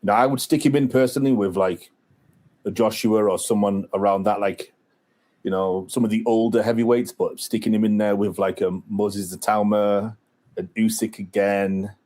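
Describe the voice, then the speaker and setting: Low-voiced man in casual boxing chat. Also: fairly even intonation, moderate pace, darkish tone. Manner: rambling, many fillers and restarts. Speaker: podcast co-host.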